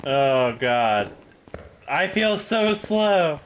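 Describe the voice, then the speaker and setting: An excitable male streamer with a fairly high, very lively voice that swings up and down. He talks in an unhurried way between bursts of laughter and shouting. A faint hiss sits under the desk mic. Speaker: game streamer. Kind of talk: live gameplay commentary.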